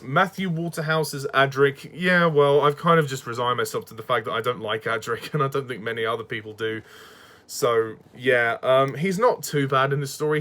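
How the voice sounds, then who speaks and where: A man's voice: medium pitch, bright, forceful tone. Hesitant male reviewer, chuckling. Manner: hesitant, repeats words, chuckles often. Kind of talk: casual review monologue.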